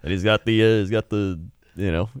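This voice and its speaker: Deep-voiced man in halting casual chat. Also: fairly even intonation, clear, resonant tone, dry recording, studio quality. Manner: halting, with many fillers and restarts. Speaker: podcast co-host.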